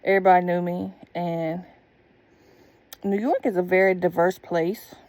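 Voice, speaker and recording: Woman, blunt and profane storyteller, lowish mellow voice, dry sound. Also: fairly even intonation, unhurried, dry recording. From Southern United States. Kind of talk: casual storytime monologue.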